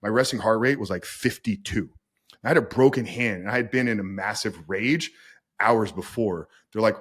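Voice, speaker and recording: Earnest low-voiced man telling his story. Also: moderate pace, a bit bright, husky. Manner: earnest, says "man" often, repeats words when starting thoughts. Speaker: podcast guest, recovery coach. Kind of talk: candid personal storytelling.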